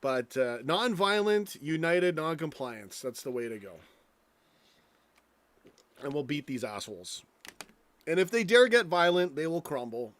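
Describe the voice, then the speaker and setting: A man's voice: on the high side, sing-song, unhurried, long pauses, fairly bright tone. A man hosting a live stream, ranting angrily with lots of swearing and rambling stories. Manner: angry, profane, rambling rant.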